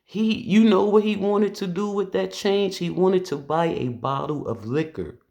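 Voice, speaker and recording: A man's voice: high-pitched, unhurried, vocal fry, darkish tone. Police officer guy telling a story straight to camera, earnest, loose, talks like a friend. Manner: earnest, conversational, loose speech with restarts.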